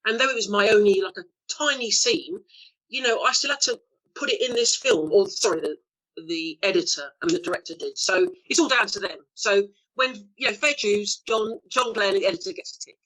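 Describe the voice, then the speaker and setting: A woman's voice: mid-range voice, a little fast, a bit bright, poor audio. A woman in her fifties, an actress guest, telling bawdy anecdotes in a chatty, laughing way during a casual interview.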